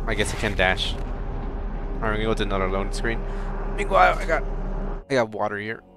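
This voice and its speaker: A man casually commenting on a game he plays, rambling, swearing and bursting out loud. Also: on the low side, animated, normal speed, long pauses, noisy background. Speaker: let's play host.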